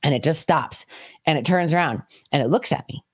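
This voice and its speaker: Lively swearing woman telling stories. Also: low voice, fairly quick, husky. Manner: animated, swears freely. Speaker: podcast co-host. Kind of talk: casual storytelling.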